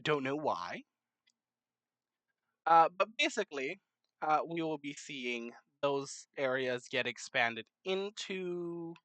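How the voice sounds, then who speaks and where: A young adult talks through a map timelapse in casual commentary, rambling and correcting themselves as they go. The pitch sits in an ordinary middle range. The recording is dry and close, with no room sound. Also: lively intonation, takes it slowly, a bit bright, clear, resonant tone, no echo, rough recording. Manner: rambling, many fillers and self-corrections, joking asides. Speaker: narrator of a map timelapse series.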